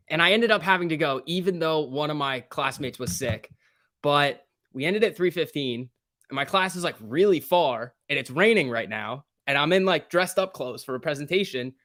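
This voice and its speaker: A man's voice: fairly high pitch, a bit bright. Chatty young man hosting a livestream. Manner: chatty, reads out stock prices and viewer names. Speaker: livestream host. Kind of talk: casual live market commentary.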